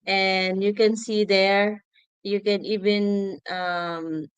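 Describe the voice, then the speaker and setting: A woman co-hosting a casual live-stream chat, talking haltingly and laughing often. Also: medium pitch, little pitch movement, smooth, no room sound, dull audio. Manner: halting, laughs often, reads viewer comments aloud. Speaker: podcast co-host.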